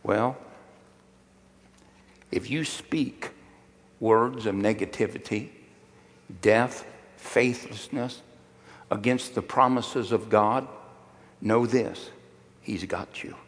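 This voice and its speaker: A man's voice: medium pitch, slow pace, pauses often. An older man preaching a sermon, folksy and humorous, telling personal stories and calling for responses from the congregation. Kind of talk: sermon with storytelling. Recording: long hall reverb.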